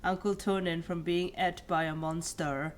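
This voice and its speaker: A woman with a lowish voice co-hosts a game stream and reads its story text aloud. She sounds chatty and easygoing, a little tired, with faint noise behind her. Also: steady tone, a little slow. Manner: chatty, reads narration in an easy, slightly tired way. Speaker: streamer co-host. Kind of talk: casual let's play, reading game text aloud.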